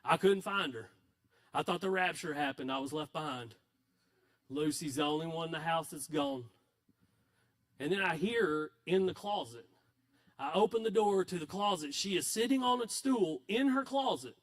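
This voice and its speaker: A male pastor delivers a sermon in a high-pitched voice. He preaches conversationally and mixes in self-mocking stories. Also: lively intonation, normal speed, a bit bright. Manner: conversational, self-deprecating storytelling.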